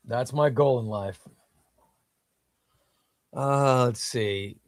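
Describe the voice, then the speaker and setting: A man's voice: medium pitch, very slow, no room sound, studio quality. A man hosting a casual comics livestream, reading viewer comments in an enthusiastic, rambling way.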